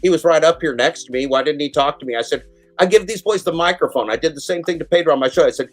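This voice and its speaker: A man hosting a live show, ranting with heat and frequent swearing. He mocks others in quick put-on voices, with faint music playing behind him. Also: on the high side, animated, low-quality recording. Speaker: show host. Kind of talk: heated live-stream commentary.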